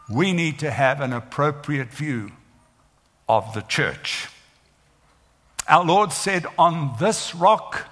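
An older man, a former senior pastor, preaching a sermon in measured, emphatic phrases. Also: a little high, bright, forceful tone. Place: large church. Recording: long church reverb.

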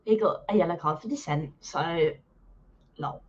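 A woman hosting a live watch-along of a match, excitable and swearing as she heckles the players and the referee. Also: lowish voice, a little slow. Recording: dull lo-fi sound.

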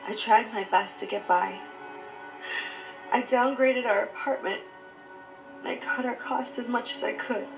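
A woman's voice: on the high side, measured pace, creaky, pauses often, echoey room, music in the background, low-quality recording. An actress playing a proud, grieving widowed young mother, telling her story in an earnest, heartfelt way. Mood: sorrowful. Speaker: struggling mother. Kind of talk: scripted drama acting.

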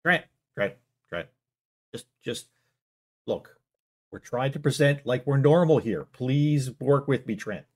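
A man hosting a comedy show, stammering and exasperated as he argues with a silent sidekick, now and then bursting into yelling. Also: medium pitch, lively intonation, slow pace, long pauses. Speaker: show host. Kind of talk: comic monologue arguing with a silent sidekick.

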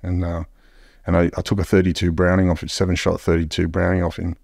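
Gravelly, deep-voiced Australian man. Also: monotone, fast talker, darkish tone, no echo, clean studio sound. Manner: blunt, heavily profane storytelling. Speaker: podcast guest. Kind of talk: casual storytelling.

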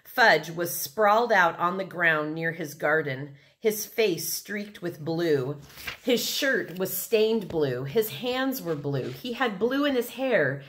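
A woman reading a children's novel aloud, expressive and unhurried. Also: on the low side, slight background noise. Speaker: reader.

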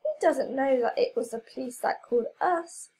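A woman's voice: high-pitched, mellow, low-quality recording. A woman voicing a keen, eager young superhero boy in a children's story. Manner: eager, quick to exclaim.

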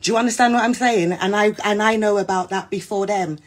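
A heated woman with a London-Jamaican accent and a husky, slightly breathy voice, talking to her phone. She is combative and swears a lot, at a mid pitch. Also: fast. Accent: London with Jamaican patois. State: pregnant. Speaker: social media personality. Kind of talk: heated rant to camera.

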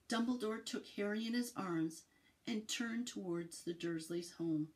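A woman from a library reading a children's book aloud in an expressive storytelling cadence. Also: mid-range voice, unhurried, poor audio.

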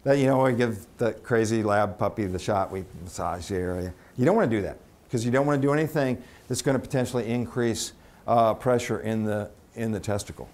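A man giving a conference lecture as a veterinarian, chatty and halting with restarts, quizzing the audience. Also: fairly low pitch, a little mellow. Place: conference room.

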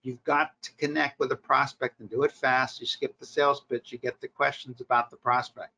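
A man's voice: medium pitch, flat delivery, fairly quick, gravelly, pushed and bright. A man, a marketing professor, leading a recorded workshop lecture, speaking in short punchy directives and rhetorical questions.

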